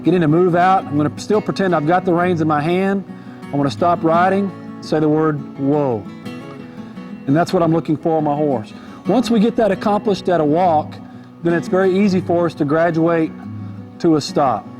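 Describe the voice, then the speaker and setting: A man's voice: fairly high pitch, moderate pace. Folksy man teaching riding over guitar music. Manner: easygoing, folksy, repeats key points. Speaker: horse trainer. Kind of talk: instructional riding demonstration. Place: outdoor arena on horseback. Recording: music playing behind.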